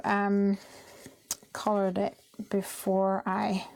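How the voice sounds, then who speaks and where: A woman's voice: on the high side, moderate pace, a little mellow. A woman hosting a live craft stream, chatting casually and talking herself through each step as she works. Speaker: crafting host.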